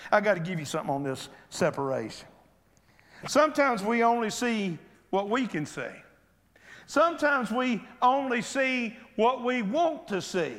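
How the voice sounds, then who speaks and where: A man preaching an impassioned sermon, acting out Bible characters and often breaking into shouts. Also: extremely high pitch. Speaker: pastor. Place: church sanctuary. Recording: long hall reverb.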